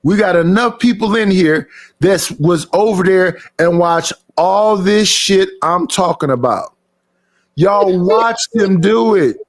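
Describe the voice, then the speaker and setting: A middle-aged man hosting a livestream in a casual chat, telling animated stories. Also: sits high, slow pace. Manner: animated storytelling with acted quotes. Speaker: livestream host.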